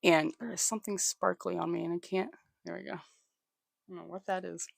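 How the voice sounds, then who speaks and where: Halting and prone to restarts and repeated words, this live host shares a history story and thanks viewers in a relaxed way. His voice is strongly gravelly and fry-laden, mid-pitched, with a steady tone. It's captured dry and up close, with no reverb.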